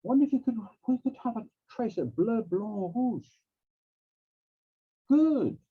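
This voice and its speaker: A man's voice: fairly quick, husky. A man, a language teacher, giving a workshop presentation over a video call. He acts out classroom prompts, and his voice leaps up and down as he demonstrates. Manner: animated, acts out classroom prompts with big pitch swings. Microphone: video call microphone. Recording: dull, lo-fi video call audio.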